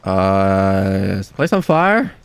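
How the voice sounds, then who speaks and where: A young man giving casual, excitable gameplay commentary, laughing often and exclaiming at the game. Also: sits low, slow pace, creaky, clear, resonant tone. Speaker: let's play gamer.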